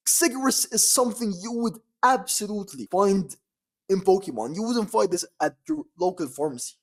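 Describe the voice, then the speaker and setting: A young man chatting casually as a vlogger, excitable and slangy, often breaking into laughter. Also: sits high, moderate pace. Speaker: quiz vlogger. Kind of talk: casual chat.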